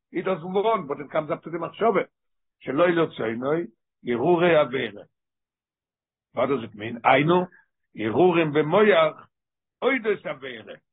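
A man teaching a text study lesson. He reads passages aloud quickly and then explains them more slowly. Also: a little high. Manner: reads Hebrew quickly, then explains slowly in English with Yiddish-inflected terms. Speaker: Torah teacher. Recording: tinny phone-line audio.

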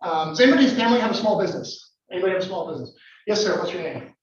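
A man's voice: high-pitched, lively intonation, racing. A man, a lawyer, giving a conversational, wry talk to a live audience and putting questions to them. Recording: echoey room from far off, dull sound.

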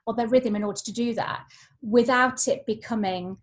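A woman's voice: on the high side, moderate pace. A woman, a voice coach talking expressively in a podcast conversation. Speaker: voice coach guest.

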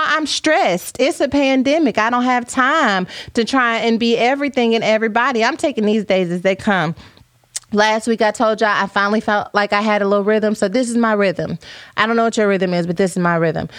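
A woman in her thirties chats with her viewers in a playful, animated way, slipping into preacher-like asides. Her voice sits at a middle pitch and is recorded dry and close. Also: clean tone, no echo. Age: 30s. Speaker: podcast host. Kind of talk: casual livestream chat with viewers.

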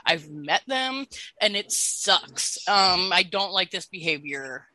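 A woman's voice: fairly low pitch, animated, sharp tone, poor audio. A woman in her thirties co-hosting a podcast, blunt and emphatic in casual chat. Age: 30s. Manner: emphatic, slow and blunt, swears when annoyed. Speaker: podcast co-host.

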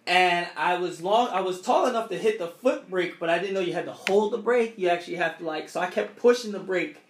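A man's voice: high-pitched, a little fast, roomy sound. A young man casually telling a story from his childhood, rambling and restarting his sentences often.

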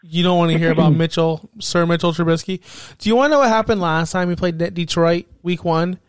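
A man's voice: a little high, steady tone, a little fast, clean tone, no echo. A man co-hosting a casual sports chat, reeling off stats and needling his partner. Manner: teasing, stat-heavy, needling. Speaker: podcast co-host.

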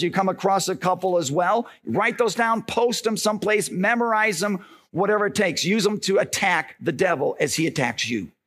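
A male pastor giving an energetic, conversational sermon, often checking in with the congregation. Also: high voice.

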